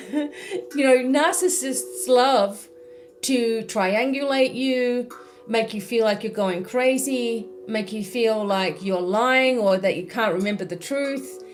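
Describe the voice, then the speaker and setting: An Australian woman speaking as a spiritual mentor in a live-stream monologue, chatty and full of "you know" and "right?". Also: on the high side.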